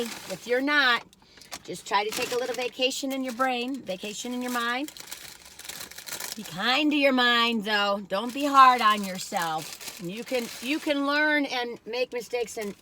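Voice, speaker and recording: A woman's voice: on the high side, pushed and bright, a little hiss or hum. A middle-aged woman chatting casually in a meandering, folksy way while reviewing food. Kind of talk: casual rambling chat.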